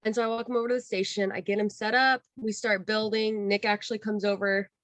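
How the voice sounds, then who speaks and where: A young woman in her twenties, a guest on a casual interview, telling a long personal story with lots of "like" and acting out quotes in a higher voice. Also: flat delivery, fast, a bit bright, dry recording. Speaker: guest, former theme park cast member.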